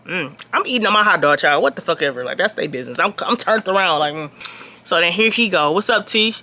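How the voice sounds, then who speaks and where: A woman telling a personal story to her viewers in a casual vlog, blunt and profane, swinging between loud outbursts and quiet asides. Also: lowish voice, fast talker. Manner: animated, swings loud and soft.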